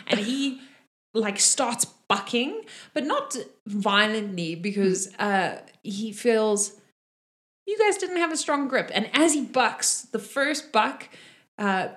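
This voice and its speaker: A woman running a tabletop game as game master, narrating casually with frequent pauses and fillers. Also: fairly high pitch, sing-song, a bit bright.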